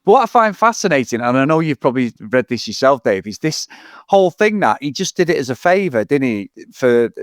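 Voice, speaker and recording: A man's voice: medium pitch, sing-song, a little fast, no room sound, studio quality. A middle-aged man co-hosting a casual film-review chat, rambling, swearing often and talking enthusiastically. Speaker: podcast co-host.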